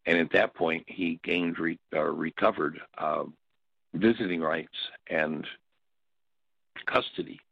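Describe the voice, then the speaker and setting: Deep, gravelly older man teaching. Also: steady tone, dry recording. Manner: reflective, halting storytelling. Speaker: workshop leader and teacher. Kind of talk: spoken teaching talk with stories. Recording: dull, dry lo-fi audio.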